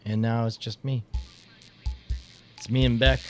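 A man co-hosting a podcast in casual chat, excitable and ranting, with frequent swearing. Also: medium pitch, unhurried, loud music behind the voice. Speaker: podcast co-host.

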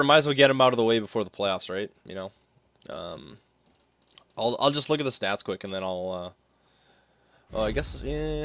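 A young man giving casual commentary over a hockey video game, rambling and thinking out loud with lots of fillers. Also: medium pitch. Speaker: gaming commentator.

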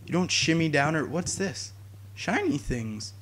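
A young man giving jokey, excitable commentary while playing a video game, talking to his viewers and yelling at enemies. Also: a little high, a little slow, slight background noise. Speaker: gaming YouTuber. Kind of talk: let's play commentary.

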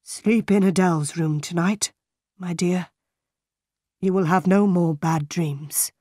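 Stern house master, grave and measured, slow, a bit low; woman reader. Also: steady tone, warm tone, no room sound, studio quality. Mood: gentle. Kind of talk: audiobook character reading.

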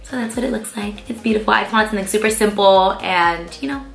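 A woman's voice: medium pitch, quick pace, vocal fry. A young woman beauty vlogger answering viewer questions in casual chat, filling her speech with "like" and "um". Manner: chatty, fills speech with "like" and "um". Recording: echoey room with faint music.

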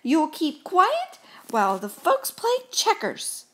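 A woman voicing a friendly, worried male ghost in a storybook read-aloud, calling out in a high, drawn-out voice. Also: sing-song, creaky, heavily acted. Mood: commanding. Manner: high, loud and drawn-out calls. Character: friendly fretful male ghost, stern when pushed.

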